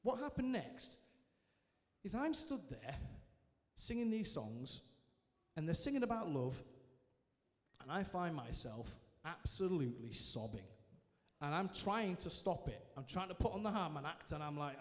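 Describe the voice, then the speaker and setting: A man giving a personal testimony to a live audience, telling it as a lively story with self-mocking humour. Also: a little high, measured pace. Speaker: guest speaker sharing his testimony. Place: large church hall, indoors. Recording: reverberant church hall.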